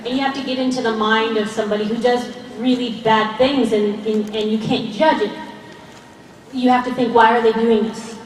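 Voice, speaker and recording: An actress at a fan convention panel, speaking earnestly and passionately with frequent laughs. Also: female voice, fairly high pitch, fairly even intonation, moderate pace, slight background noise. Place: large convention hall. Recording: echoey hall, voice far off, faint crowd ambience.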